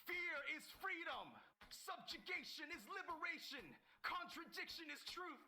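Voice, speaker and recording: A man's voice: very high-pitched, expressive, measured pace, pushed and bright, faint music behind, voice pushed up, exaggerated voice. A man voicing a grandiose villain who solemnly proclaims that all must surrender, in a tabletop role-play recap. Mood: proclaiming.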